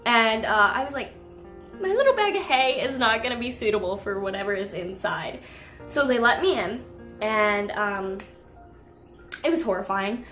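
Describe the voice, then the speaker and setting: Animated young woman, echoey room. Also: on the high side, normal speed. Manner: animated, rising to indignant outbursts. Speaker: pet vlogger. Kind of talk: casual storytelling to camera. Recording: echoey room with faint music.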